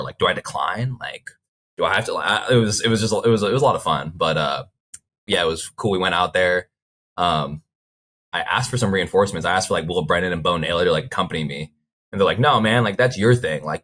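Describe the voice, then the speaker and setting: A young man with a low, bright voice chats as a guest on a sports talk show. He rambles through stories, leaning on "like" as he goes. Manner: rambling storyteller, frequent "like" fillers. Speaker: baseball player guest. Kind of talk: casual interview chat.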